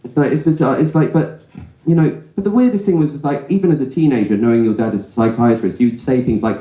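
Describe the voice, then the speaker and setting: Young male stand-up, warm mellow tone, casual storyteller, live club room echo. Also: medium pitch, fast talker. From England. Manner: conversational storytelling with frequent "right?" asides. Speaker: stand-up comedian. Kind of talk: stand-up comedy set. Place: comedy club stage before a laughing audience.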